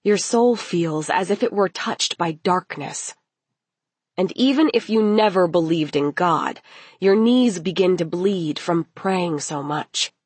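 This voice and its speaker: A woman reading a dark novel aloud as narrator, in slow, measured, dramatic narration. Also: fairly low pitch, breathy edge, dry recording. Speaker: audiobook narrator.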